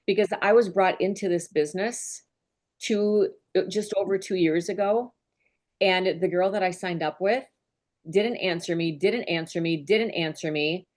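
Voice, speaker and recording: A woman's voice: medium pitch, normal speed, darkish tone. A woman business mentor speaking to her team on a group call, earnest and openly emotional in a conversational way. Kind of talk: heartfelt talk on a group call.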